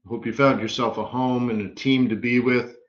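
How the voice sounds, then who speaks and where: A man hosting a live trading webinar, telling stories in an energetic, emphatic way with punchy repeated phrases. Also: mid-range voice, normal speed. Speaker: forex market strategist hosting a live webinar. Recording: roomy, slightly dull webinar audio.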